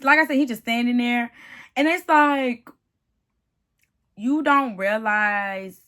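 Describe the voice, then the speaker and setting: A woman giving a casual, animated reality-TV recap, chatty and calling the viewer "honey" and "baby". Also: on the high side, takes it slowly. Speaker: TV show reviewer.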